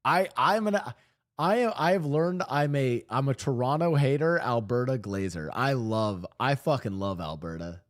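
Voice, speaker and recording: A man's voice: mid-range voice, animated, moderate pace. A man streaming, reacting to clips in casual, profane commentary that rambles and restarts its sentences on a desk mic.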